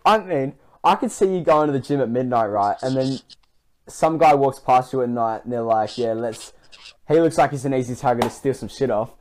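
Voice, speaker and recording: A man's voice: mid-range voice, brisk, a little mellow. A man hosting a podcast, joking and teasing his guest in casual banter. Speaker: podcast host. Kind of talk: casual chat.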